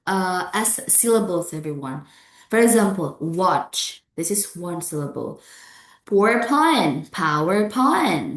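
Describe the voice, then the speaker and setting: Indonesian-accented woman lecturer, unhurried classroom drilling, echoey room. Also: lowish voice, darkish tone. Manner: drills words aloud, many fillers and checks like "okay?". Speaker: English pronunciation lecturer. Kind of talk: classroom lecture with repeated model words.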